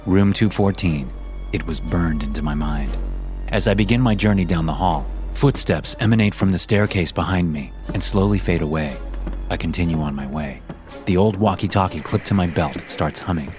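A man with a very deep, low voice reads a scripted horror story at a slow, suspenseful pace. He builds dread line by line as the channel's host, with soft music faint underneath.

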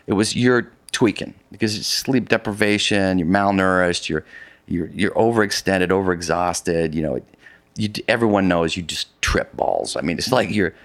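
A middle-aged man telling a long story in a casual conversation, animated and rambling with many restarts. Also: deep voice, moderate pace, no echo. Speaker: guest, polar expedition adventurer.

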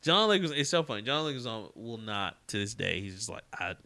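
Lively bright-voiced man ranting. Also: medium pitch, quick pace. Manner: animated, laughs often, rants about bad movies. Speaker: podcast co-host. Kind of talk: casual chat.

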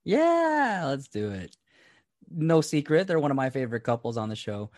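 A man's voice: a little high, sing-song, normal speed, darkish tone, no echo. Male podcast co-host, easygoing and profane, frequent laughs, dry booth sound. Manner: laid-back, laughs often, swears casually. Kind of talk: casual chat.

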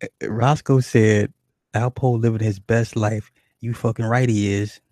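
Male stream host, low mellow voice, dry close sound, loose rambling chatter with cursing. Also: fairly even intonation, a little slow, no echo. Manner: rambling, profane, reads chat aloud. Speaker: livestream host. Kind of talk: casual chat with viewers.

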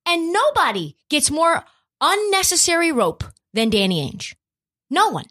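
High, lively woman ranting about sports. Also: unhurried. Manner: emphatic, swearing, ranting. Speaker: sports podcast host. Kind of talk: opinionated sports commentary chat.

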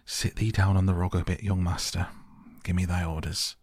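Guy reading dry gruff old gardener, real low and gravelly. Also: little pitch movement, normal speed, darkish tone, no room sound. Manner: dry and blunt.

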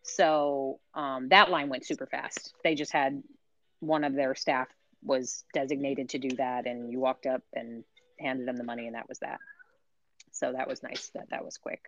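Low-voiced woman chatting on a podcast. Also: little pitch movement, moderate pace, fairly bright tone, dry recording, highs cut off. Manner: chatty and explanatory, thinks aloud. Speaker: podcast panelist. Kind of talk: casual podcast chat.

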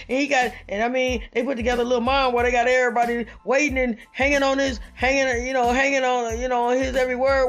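Laughing, profane woman commentator. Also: high-pitched. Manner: profane, laughing, repeats "y'all". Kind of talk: casual commentary to viewers.

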